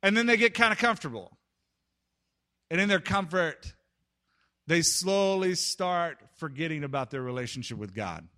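A man preaching a sermon, retelling a story with dramatic swings between loud outbursts and hushed pauses. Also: on the high side, expressive.

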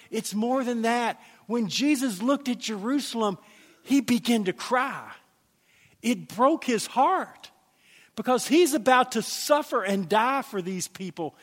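A man preaching a sermon as pastor, animated, acting out quoted voices, with many restarts. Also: sits high. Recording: long hall reverb.

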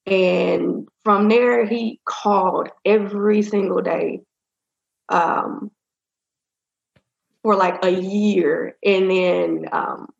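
A woman speaks as an interview guest, candid and rambling, her voice carrying a gravelly edge. The recording is roomy and a little dull, and her pitch sits in a middle range. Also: fairly even intonation, very slow. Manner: candid, rambling, many fillers. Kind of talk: casual storytelling in an interview. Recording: roomy, dull-sounding audio.

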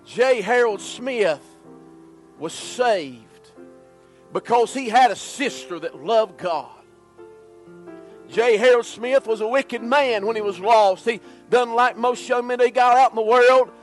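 A male preacher with a drawl, his voice pitched strikingly high as he prays and preaches with fervor. He swings from hushed pleading to shouting during a church service, with faint music underneath. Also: slow, rough recording. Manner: fervent, rising to shouts. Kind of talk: impassioned prayer and sermon.

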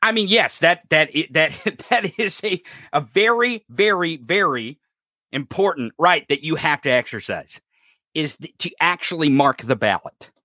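Furious podcast host, male, profane shouting rant, bright edgy voice. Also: on the high side, lively intonation, unhurried, no echo, clean studio sound. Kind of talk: political rant.

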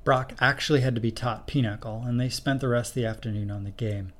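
A man narrating a spooky short story in a steady, measured reading voice. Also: medium pitch.

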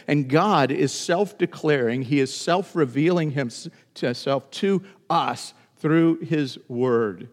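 A man preaching a sermon in an earnest style, sometimes rising into emphatic high bursts. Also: a little slow, hardly any pauses, long reverb tail. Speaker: pastor.

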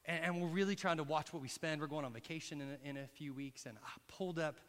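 A middle-aged man preaching a sermon in a church, telling a personal story with lively, direct asides to the congregation. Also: fairly high pitch, fast. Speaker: pastor. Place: church hall. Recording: long reverb in a large hall.

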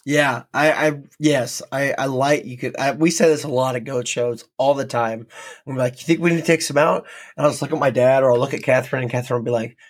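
A man from North Dakota co-hosting a casual podcast chat, talking in an animated way with lots of restarts and quick laughs. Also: medium pitch. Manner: chatty, laughing, stumbling restarts. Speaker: podcast co-host.

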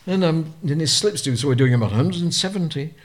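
A man's voice: on the high side, lively intonation, fast talker. A man in his eighties from Lancashire with a Lancashire accent, a retired racing driver recounting vivid anecdotes as an interview guest. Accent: Lancashire English. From Lancashire, England. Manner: vivid storyteller, acts out the people he quotes. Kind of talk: anecdotal storytelling.

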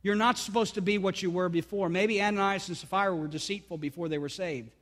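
Preaching fast in a high, fairly bright voice, a male pastor addresses his congregation with fervor and direct calls to those listening. The sermon takes place in a church sanctuary, heavy with the hall's long reverb.

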